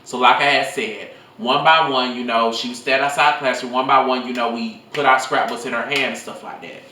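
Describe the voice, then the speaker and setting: A man's voice: medium pitch, brisk, roomy sound, recorded from a distance. A young man telling school stories in a casual vlog, rambling and swearing freely into his phone. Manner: rambling, profane, animated storytelling.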